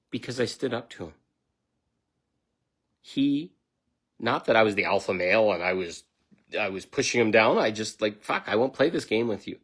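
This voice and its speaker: A man's voice: lowish voice, a bit bright. A middle-aged man giving a blunt, emphatic self-help talk, swearing freely as he tells a personal story. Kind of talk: motivational self-help monologue.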